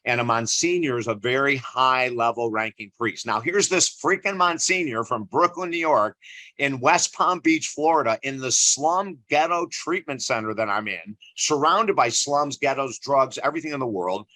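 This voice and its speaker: A man in his sixties telling a personal story in an interview, animated and chuckling often. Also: medium pitch, moderate pace, no room sound, low-quality recording. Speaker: interview guest, counselor.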